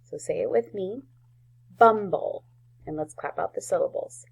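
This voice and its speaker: A woman with a lowish voice teaches a recorded phonics lesson to first graders, sounding out words slowly and clearly while offering gentle encouragement. The background is noisy.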